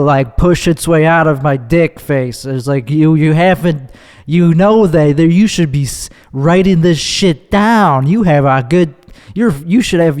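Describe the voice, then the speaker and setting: A man's voice: fairly high pitch, a little mellow, clear, resonant tone, big-room sound. A man hosting his own podcast, delivering a rambling, profane, sardonic comedic monologue that keeps cutting itself off. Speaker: podcast host.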